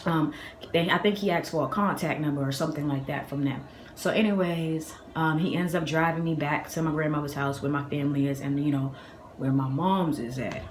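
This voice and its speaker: A young woman from the Boston area recounts a story in a chatty, animated way, full of fillers and restarts. Her voice sits a little low, and her phone picks up an echoey room with a faint hum of noise behind her. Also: brisk. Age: young adult. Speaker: vlogger. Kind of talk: storytime vlog.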